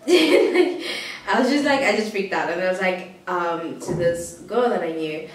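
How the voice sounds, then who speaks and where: Animated and unhurried, a young woman from South Africa rambles through a personal story for her vlog, giggling and saying "like" a lot. Her pitch is fairly low. A distant mic picks up roomy echo and faint hiss.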